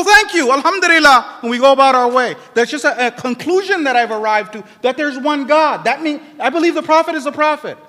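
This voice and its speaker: Lively high-voiced preacher in echoing hall. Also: male voice. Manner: animated, acts out quoted dialogue; quotes Arabic scripture. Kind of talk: sermon.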